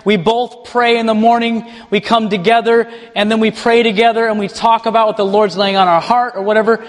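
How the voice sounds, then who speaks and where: Guy with a high voice telling his faith story, chuckling, lots of echo like a big hall. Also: fairly quick. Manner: animated, chuckles while telling stories. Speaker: ministry leader. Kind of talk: personal testimony storytelling.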